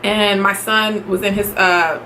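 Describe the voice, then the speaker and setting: A young woman at home telling her own story in a casual vlog, animated and quick to laugh, acting out what she shouted. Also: mid-range voice, a little hiss or hum.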